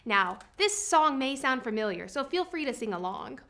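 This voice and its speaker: A woman's voice: high voice, sing-song, normal speed, gravelly, fairly bright tone. A woman librarian leading a preschool story time, singing along cheerfully with the kids.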